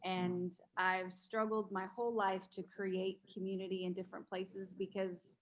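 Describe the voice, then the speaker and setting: A woman's voice: mid-range voice, level tone, normal speed, low-quality recording. A woman on a video call speaking modestly and a bit self-deprecatingly about what she is thankful for. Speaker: call participant. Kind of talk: casual sharing.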